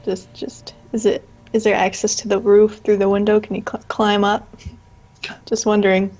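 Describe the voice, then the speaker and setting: A woman's voice: medium pitch, flat delivery, moderate pace, a little mellow, highs cut off. A woman playing a tabletop game, curious and asking lots of questions. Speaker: player.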